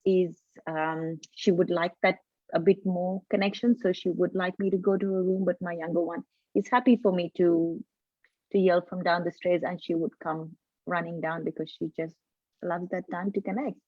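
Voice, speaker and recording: A woman's voice: lowish voice, level tone, normal speed, no room sound, phone-quality sound. A woman in her forties, a parenting coach, explaining earnestly in a casual live video chat, often restarting her sentences. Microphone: video call.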